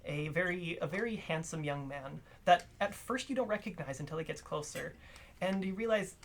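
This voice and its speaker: A man's voice: on the high side, normal speed, gravelly. Man narrating as game master. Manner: storytelling narration, laughs often with players.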